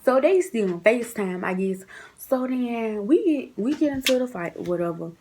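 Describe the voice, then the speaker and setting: A young woman telling a story in a casual vlog, chatty and animated, acting out what people said. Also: on the high side, normal speed, noisy background. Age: young adult. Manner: chatty, animated, acts out quotes in shifting voices.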